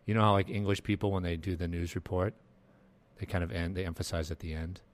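Animated low-voiced man hosting. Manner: animated, quick to laugh and jump into put-on voices. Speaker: podcast host. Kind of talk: casual podcast chat.

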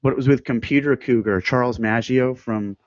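A man, a musician chatting casually on a podcast and telling rambling stories with quick laughs. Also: mid-range voice, no room sound. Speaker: guest musician. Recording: dry, dull lo-fi sound, mic too close to mouth.

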